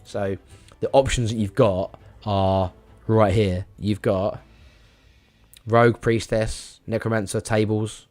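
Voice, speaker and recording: A man's voice: fairly low pitch, a little mellow. A man chatting casually on a live stream, rambling and stammering, swearing now and then.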